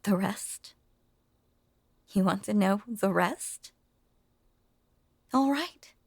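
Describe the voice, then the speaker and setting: A woman in her twenties voicing a lonely, obsessive female ghost in an audio role-play, speaking in a slow, deliberate, unsettlingly calm way. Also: mid-range voice, dry recording. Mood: eerie, possessive.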